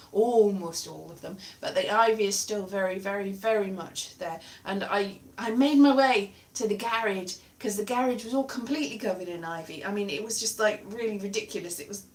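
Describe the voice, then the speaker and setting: A woman hosting a livestream, chatting casually and rambling through anecdotes in a lively, storytelling way. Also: medium pitch. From Wales. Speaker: livestream host. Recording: echoey room, distant from mic.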